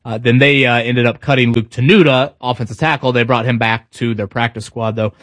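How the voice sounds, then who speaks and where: A man's voice: medium pitch, level tone, fairly quick, a bit bright, no echo, clean studio sound. A man co-hosting a casual sports talk show, speaking conversationally with frequent fillers and restarts. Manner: conversational, stop-start with fillers. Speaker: sports radio co-host.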